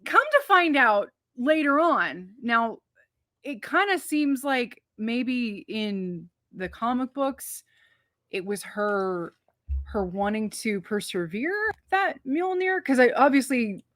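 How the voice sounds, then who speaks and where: A woman co-hosting a movie review show, talking in a chatty, rambling way with quick asides and restarts. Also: a little high, lively intonation, a bit bright, no room sound, studio quality. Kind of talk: casual movie review chat.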